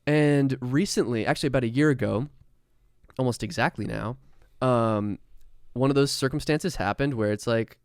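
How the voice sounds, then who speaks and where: A man telling a story as a podcast guest, his voice smooth and crisp in a dry studio. He speaks casually and with energy, swears freely, and acts out other people's lines as he goes. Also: medium pitch, normal speed, no echo. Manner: animated, swearing, acts out quotes. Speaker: musician guest.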